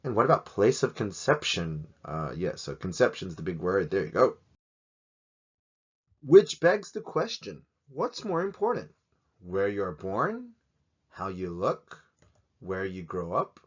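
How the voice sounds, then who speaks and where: A man's voice: low-pitched, big pitch swings, a little slow, slightly rough. A man teaching a casual video lesson, joking and rambling as he poses question after question, in a slightly dull lo-fi recording.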